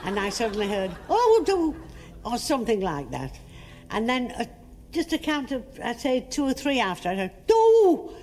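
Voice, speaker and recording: Older woman telling lively stage stories. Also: medium pitch, brisk, big-room sound, a little hiss or hum. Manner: lively storytelling, acts out quotes. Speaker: interviewee, actress. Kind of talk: reminiscing interview.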